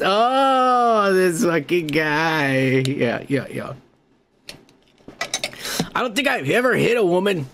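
A podcast host with a fairly high voice for a man. He swears freely and rambles through a story in a casual comedic way, laughing as he goes. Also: very animated, takes it slowly, pauses often, fairly bright tone.

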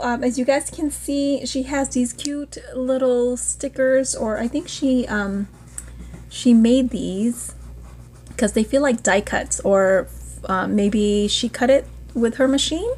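Slow, gushing woman unboxing mail. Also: fairly high pitch. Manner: gushing, excitable, often exclaiming. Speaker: vlogger. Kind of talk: casual unboxing vlog.

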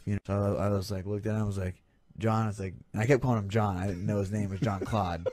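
A man's voice: lowish voice, fairly even intonation, quick pace, darkish tone, dry recording. A man telling a story as a guest in a casual chat, swearing freely and acting out his own quoted reactions. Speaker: podcast guest.

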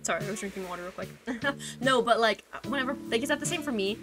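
Game music plays in the background as a young woman, speaking into a desk mic, chats with her stream viewers in a giggly, rambling way, breaking off her thoughts partway. Her voice is fairly high, animated and fast.

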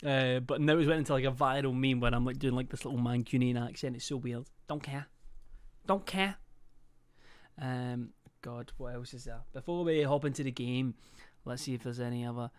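A man's voice: medium pitch, little pitch movement, a little fast, hardly any pauses, clean tone, no room sound. Chatty young man streaming. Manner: swearing, laughing, chatty. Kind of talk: casual stream chat reacting to videos.

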